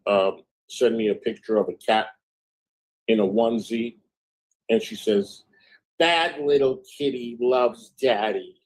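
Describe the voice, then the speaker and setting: A man's voice: lowish voice, darkish tone, slightly rough, low-quality recording. A man hosting a livestream, reading out a long exchange of private messages with frequent "I said, she goes" narration and casual, profane asides. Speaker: livestream host.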